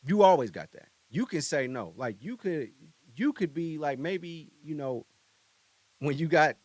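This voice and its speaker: A man's voice: on the high side, expressive, a little slow, darkish tone, no room sound. A young man hosting a podcast in a studio, telling a story in a laid-back, rambling, slangy way with lots of asides. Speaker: podcast host. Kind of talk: casual commentary.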